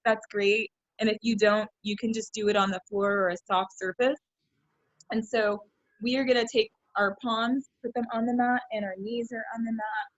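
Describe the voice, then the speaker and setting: A woman's voice: on the high side, dry recording. A woman leading a kids yoga class over a video call, upbeat and encouraging, laughing often. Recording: dull lo-fi video call audio.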